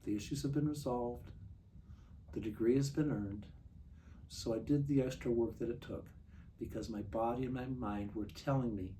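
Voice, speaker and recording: A man in his sixties giving an earnest personal recovery testimony, confiding and slowing down for vivid details. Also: mid-range voice, fairly even intonation, dark tone. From Montana. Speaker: recovery speaker. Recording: distant mic, faint room noise.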